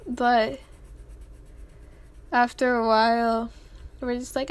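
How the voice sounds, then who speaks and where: A teenage girl talks through her vlog slowly and casually, drifting between topics and apologizing. Her voice sits fairly high, and she sounds a little strained from a sore throat. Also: creaky. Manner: rambling, chatty, giggly, apologetic asides. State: throat sore, tongue feels swollen. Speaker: vlogger. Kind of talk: casual chat.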